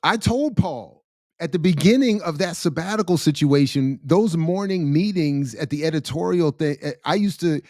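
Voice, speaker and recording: Slangy, animated man host. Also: fairly high pitch, normal speed, no room sound, studio quality. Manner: animated, slangy, laughs often. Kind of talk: casual livestream chat.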